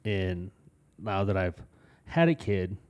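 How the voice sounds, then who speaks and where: A man's voice: low voice, very animated, slow pace, darkish tone. A man co-hosting a casual podcast, telling blunt, profanity-heavy stories from his youth. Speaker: podcast co-host. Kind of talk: casual storytelling chat.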